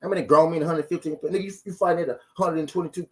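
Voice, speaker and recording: A man's voice: a little high, fairly even intonation, very fast, a little mellow. Profane man ranting on a live stream. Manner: profane, repeats lines for emphasis, fires rhetorical questions. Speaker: host of a boxing talk stream. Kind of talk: casual live-stream rant to viewers.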